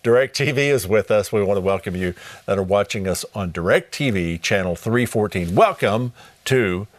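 A middle-aged man hosting a live Bible study broadcast, upbeat and welcoming, reading scripture aloud and repeating contact details slowly. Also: fairly low pitch, animated, no echo.

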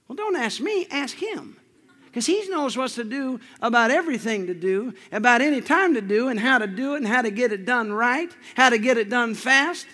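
A man with a high, bright voice preaches a lively sermon, cracking jokes and chuckling between lines. He leads the crowd in call-and-response with emphatic repeated phrases. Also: normal speed. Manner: playful, joking, laughing often.

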